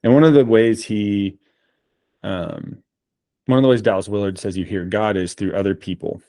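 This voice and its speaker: A man talking in a relaxed podcast chat. His voice sits low and is recorded dry and close. He tells stories with animation and fills his speech with "like" and "you know.". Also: moderate pace, no room sound. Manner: animated storyteller, frequent fillers. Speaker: guest. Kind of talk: casual podcast conversation.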